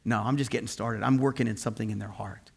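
A man voicing God inside a sermon in a hushed, low, deliberate way. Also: steady tone, creaky, husky, exaggerated voice. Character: God speaking, calm, hushed, knowing.

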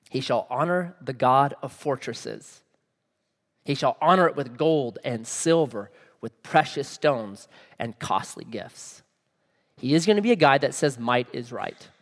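With a mid-range voice echoing in a long reverb tail, a pastor talks through his sermon as if chatting, repeatedly asking the congregation questions.

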